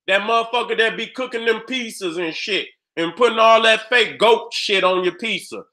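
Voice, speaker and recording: A man with a very high, sharp, bright voice rants through a casual commentary. He is profane and emphatic and repeats his points as he reacts to pictures on a screen. He talks straight to his viewers. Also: normal speed. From Detroit area. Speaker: online commentator.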